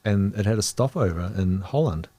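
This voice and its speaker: A man's voice: lowish voice, animated, moderate pace, warm tone, no echo. A man with a New Zealand accent, a guest telling a rambling travel story in casual chat, laughing between phrases.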